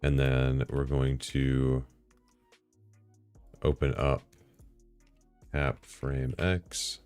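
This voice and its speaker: A man live-streaming, talking casually to himself and his chat while setting up software, swearing and bursting into excited outbursts. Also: extremely low pitch, extremely slow, smooth, dry recording, faint music behind.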